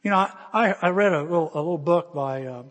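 A man preaching a sermon through animated stories, acting scenes out with sudden shouts. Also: fairly high pitch, fast talker. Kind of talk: storytelling sermon. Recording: long reverb of a large hall.

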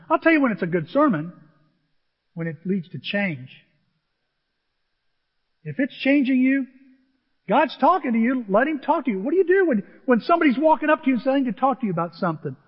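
Husky middle-aged male pastor, animated sermon delivery, dull recording with a long hall reverb. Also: extremely high pitch, fairly quick. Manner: animated, shifts between shouting and near-whispers.

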